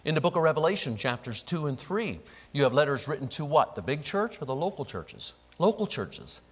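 A man's voice: on the high side, sing-song, fairly quick, breathy edge, poor audio. A man teaching a Bible class as pastor, asking the class rhetorical questions and answering them himself.

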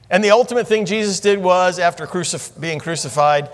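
A man with a slightly higher voice preaches a sermon, teaching in an easy conversational way and putting questions to his listeners. His voice rings out with a long reverb, as in a big hall. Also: fairly quick, few pauses. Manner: conversational teaching, quizzing the congregation.

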